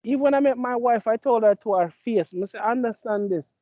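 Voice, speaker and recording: A man's voice: very high voice, a little fast, mellow, dry recording, lo-fi sound. A man in his thirties co-hosting a podcast, telling stories in casual slang-heavy chat. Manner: laid-back, slang-heavy storytelling. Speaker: podcast co-host.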